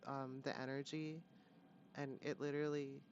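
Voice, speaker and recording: Low-pitched female tarot reader, halting and filler-heavy, on a dull lo-fi mic. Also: flat delivery, a little hiss or hum. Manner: halting, full of fillers and restarts. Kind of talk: live tarot reading. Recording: dull lo-fi, dry sound.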